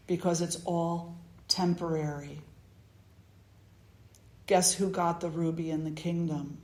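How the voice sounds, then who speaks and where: A woman spiritual teacher telling a parable and preaching in an earnest, measured manner. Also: on the low side, fairly even intonation, darkish tone. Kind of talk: storytelling sermon. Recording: roomy echo.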